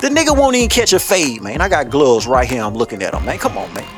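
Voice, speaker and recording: A man's voice: mid-range voice, fast talker, faint music behind. A man hosting a commentary show, ranting bluntly in profane street talk and telling stories with a lot of energy. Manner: blunt, heavy cursing, animated storytelling.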